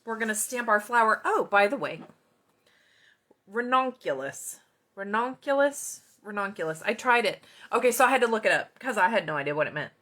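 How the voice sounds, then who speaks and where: A woman's voice: mid-range voice, expressive, quick pace, pushed and bright. A woman chatting casually through a card-stamping tutorial at her home craft desk, rambling into self-deprecating asides. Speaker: card-making demonstrator.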